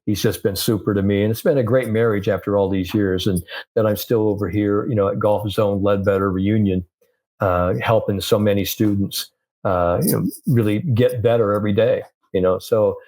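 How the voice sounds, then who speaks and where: A middle-aged man, a sports psychologist guest, telling stories in a lively, animated way and acting out the dialogue. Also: fairly low pitch, normal speed. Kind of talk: anecdotal interview storytelling.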